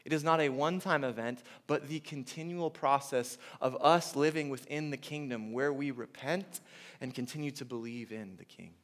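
Male pastor, thirties, dynamic sermon delivery, hushed lows and driving highs, mid-range voice. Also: normal speed. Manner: dynamic preaching, swinging from hushed to loud.

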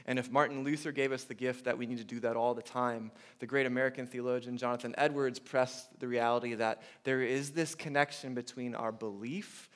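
Male pastor, thirties, dynamic sermon delivery, hushed lows and driving highs, mid-range voice. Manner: dynamic preaching, swinging from hushed to loud.

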